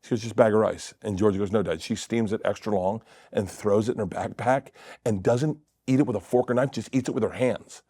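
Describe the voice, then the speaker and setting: Middle-aged comedian dude, lowish voice, dry close sound, animated storytelling, swears a lot. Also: male voice, fairly quick, slightly rough, no echo. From Florida. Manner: animated storyteller acting out family quotes, cursing, laughing. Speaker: comedian guest. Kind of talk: casual storytelling chat.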